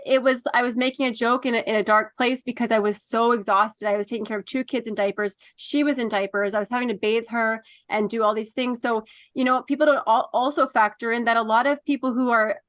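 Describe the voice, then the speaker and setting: A woman hosting an interview talks in a quick, chatty storytelling way. Her voice sits a little high, and the sound is dry and close with no room in it. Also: fairly bright tone, no room sound. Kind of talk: casual interview talk.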